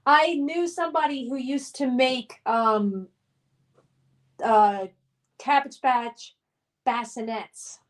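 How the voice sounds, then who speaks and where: High-pitched woman, middle-aged, live streamer, casual chat, reads comments aloud, upbeat, lots of ums. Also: takes it slowly, pauses often. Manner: reads viewer comments aloud and chats back; nostalgic and upbeat, with frequent fillers.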